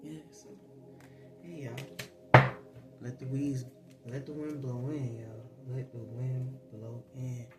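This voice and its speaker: A man giving a casual spiritual tarot reading, chatty, laughing often and filling pauses with ums. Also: medium pitch, flat delivery. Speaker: tarot reader. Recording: voice over clear background music.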